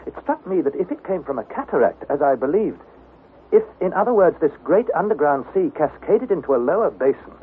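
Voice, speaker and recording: An actor playing an earnest young nephew who narrates a perilous voyage in a 1960s radio drama. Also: male voice, a little high. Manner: earnest, anxious, pleading. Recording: tinny, hissy old radio broadcast.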